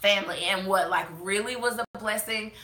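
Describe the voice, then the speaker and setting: A woman talks casually to her viewers in a bright, forward voice. She rambles with plenty of fillers and restarts, tearful as she holds back crying. The sound carries the echo of a bare room. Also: medium pitch, moderate pace. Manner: chatty, heartfelt, many fillers and restarts. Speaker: beauty vlogger hosting a live chat. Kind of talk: casual live-stream chat reading comments.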